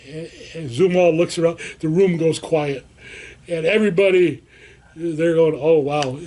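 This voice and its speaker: A man's voice: fairly high pitch, a little slow, pauses often, darkish tone, a little hiss or hum. An older man, a veteran, telling a story in an interview and acting out the voices of the people in it. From United States. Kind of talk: telling a war-era anecdote.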